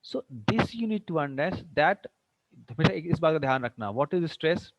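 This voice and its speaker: A man's voice: fairly high pitch, sing-song, very fast, no room sound, dull audio. A man with an Indian English accent teaching an English class online. He asks many questions, repeats himself, and mixes in Hindi phrases.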